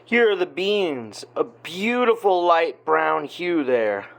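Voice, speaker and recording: Vlogger, casual read-aloud, mid-pitched, self-correcting, jokey asides. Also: lively intonation, takes it slowly, creaky. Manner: chatty, corrects own wording mid-sentence; jokey asides while reading. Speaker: coffee review vlogger. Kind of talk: casual vlog, reading a roaster's website aloud.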